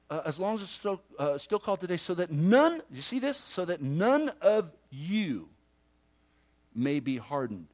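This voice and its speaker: A man preaching a sermon in a fairly high voice at an unhurried, deliberate pace. He moves between loud, pressing emphasis and quiet, hushed asides, often voicing imagined listeners. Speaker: pastor.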